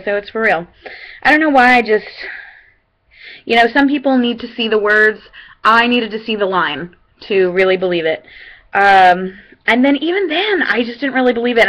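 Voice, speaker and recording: A woman's voice: mid-range voice, a bit bright, low-quality recording. A young woman vlogging casually at home into a computer webcam, chatty, with lots of fillers and restarts. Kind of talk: casual personal vlog.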